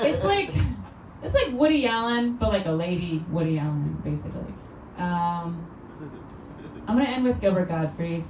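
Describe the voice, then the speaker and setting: A woman's voice: lowish voice, big pitch swings, moderate pace, long pauses, background noise. A woman comedian doing a stand-up set in a small venue, with a chatty, rambling delivery full of fillers. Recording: roomy sound from a distant mic.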